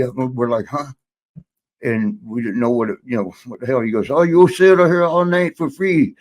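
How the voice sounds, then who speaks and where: An older man, a guest in a shoot interview, telling a rambling story and laughing now and then. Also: mid-range voice.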